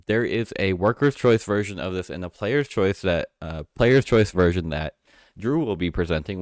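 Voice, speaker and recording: Halting low-voiced man presenting awards. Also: dry recording, studio quality. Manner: halting, full of fillers and restarts, emotional. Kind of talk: live-streamed mock awards presentation. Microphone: close mic, voice-over without camera.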